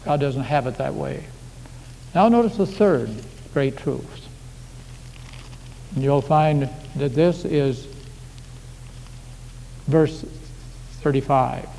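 A pastor preaches a folksy, conversational sermon full of homely anecdotes in a church sanctuary. His mid-range voice is mellow and creaky, slow, with long pauses. The echoey hall carries a faint background hiss.

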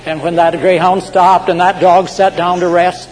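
A man with a somewhat high voice preaches a sermon, his words trailing off into a long hall reverb. He tells his stories dramatically, drawing out big declarations, then dropping to a hush. A faint hum sits under the recording. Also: little pitch movement. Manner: dramatic storytelling, swinging between loud, slow proclamations and hushed asides. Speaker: pastor.

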